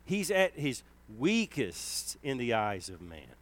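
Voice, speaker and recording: A man preaching a sermon, emphatic, swelling and slowing down on key words. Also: medium pitch, huge pitch swings, fairly bright tone.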